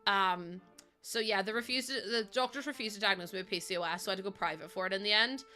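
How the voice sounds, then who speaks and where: A woman's voice: mid-range voice, quick pace, sharp tone, faint music behind. A young woman chatting casually on a game livestream, rambling and answering her chat. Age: young adult.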